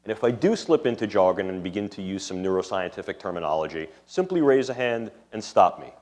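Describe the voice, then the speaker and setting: New york city guy lecturing a room, kinda low voice, wordy academic way of talking. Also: sing-song, a little fast, a little mellow. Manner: discursive academic, fond of jargon. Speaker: guest lecturer. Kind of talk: public lecture. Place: lecture room before an audience.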